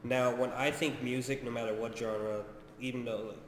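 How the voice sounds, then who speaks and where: A man with a mid-range voice shares his opinions in a steady, casual way. The recording is echoey with a long reverb, and faint ambience runs underneath. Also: medium pitch, moderate pace, a little hiss or hum. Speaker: podcast co-host. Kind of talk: casual chat.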